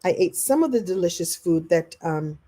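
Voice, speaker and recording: A woman coach talking to her audience in a live online masterclass. She chats and answers questions in an animated way, often laughing and acting out what people say. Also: fairly low pitch, normal speed. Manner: chatty, animated, acts out quoted voices. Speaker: life coach and speaker.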